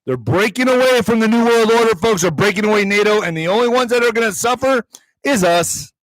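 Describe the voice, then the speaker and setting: A man's voice: sits high, animated, a little fast, a bit bright, no room sound. A man hosting a political commentary stream, reading headlines aloud and breaking into heated, profane, sarcastic asides. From Mexican heritage.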